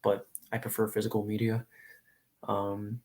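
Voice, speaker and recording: A man's voice: on the low side, monotone, a little slow, darkish tone. A late-teens young man livestreaming, talking in an earnest, rambling and openly emotional way to his viewers. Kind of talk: casual live stream chat.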